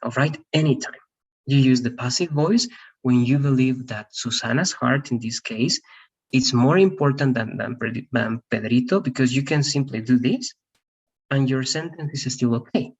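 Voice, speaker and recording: In dull-sounding audio, a man with a slightly rough, mid-range voice speaks at a normal speed while teaching an English grammar class online. Patient in his explanations, he repeatedly checks in with his students using "all right?"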